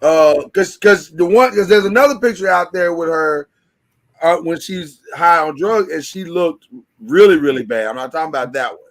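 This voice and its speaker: Man, podcast host, casual discussion, emphatic, slightly high voice. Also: normal speed. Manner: emphatic, repeats words when starting a thought.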